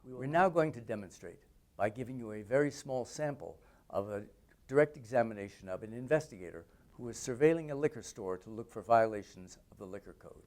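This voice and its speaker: A middle-aged man teaching trial lawyers, explaining courtroom questioning in a deliberate, demonstrative way. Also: mid-range voice, lively intonation, a little mellow. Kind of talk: instructional talk with mock courtroom questioning.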